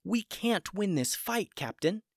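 A storyteller voicing a young crew member who briskly reports to the captain in a storybook. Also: medium pitch, big pitch swings, no echo, clean studio sound, voice pushed up. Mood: urgent. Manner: matter-of-fact reporting. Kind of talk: storybook character voice.

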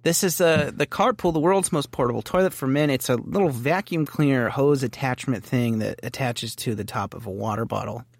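A man's voice: mid-range voice, fairly quick, gravelly, hardly any pauses, no echo. A man from New City, co-hosting a comedy podcast, crude and joking. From New York City. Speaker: podcast co-host. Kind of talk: casual comedy chat.

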